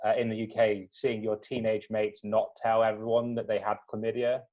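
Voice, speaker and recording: A man's voice: on the low side, little pitch movement, normal speed. A man from the UK co-hosting a comedy podcast, chatting about films with wry, laughing quips. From United Kingdom. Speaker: podcast co-host. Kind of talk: casual movie chat. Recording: muffled lo-fi audio.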